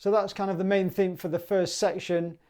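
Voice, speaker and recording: Upbeat chatty clarinet teacher. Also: female voice, medium pitch, level tone, moderate pace, dark tone, faint music behind. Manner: upbeat, chatty, sings rhythms aloud. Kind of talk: music exam lesson.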